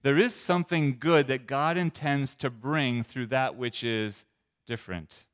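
Male pastor, conversational sermon, playful, leans on single words with pauses, mid pitch. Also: steady tone. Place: church sanctuary.

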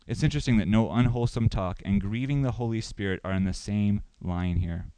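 A man's voice: fairly low pitch, brisk, warm tone, clean tone, no room sound, rough recording. Male pastor, sermon delivery, questioning and emphatic, dry close recording. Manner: asks the congregation questions, rising for emphasis.

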